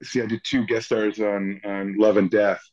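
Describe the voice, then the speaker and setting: A man in his forties, an actor being interviewed, telling stories in a lively way and jumping up in pitch to quote others. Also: moderate pace. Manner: animated storyteller, jumps pitch when quoting people. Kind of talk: casual storytelling interview. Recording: slightly muffled sound.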